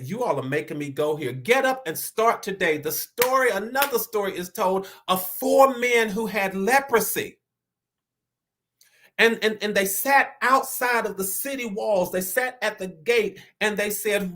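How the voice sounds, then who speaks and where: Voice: mid-range voice, lively intonation, fairly bright tone. Stammering, emphatic inspirational preacher. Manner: stammers and repeats words, slows down for emphasis; preacher-like, rising to emphatic declarations. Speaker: inspirational speaker. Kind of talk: motivational sermon-style talk.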